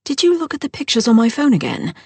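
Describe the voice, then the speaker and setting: Lady reading caring firm big sister, husky and a bit raspy. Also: fairly high pitch, wildly swooping pitch, fast, warm tone, no echo, voice pushed up, heavily acted. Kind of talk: audiobook character voice.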